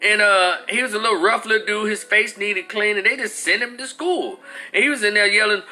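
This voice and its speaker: High, bright-voiced man telling a profane story. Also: a little fast. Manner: animated, acts out voices, swears freely. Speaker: commentator.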